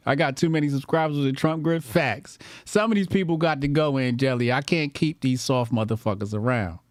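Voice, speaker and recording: A man's voice: mid-range voice, normal speed, no echo, clean studio sound. A man hosting a casual commentary show, brash, profane and mocking.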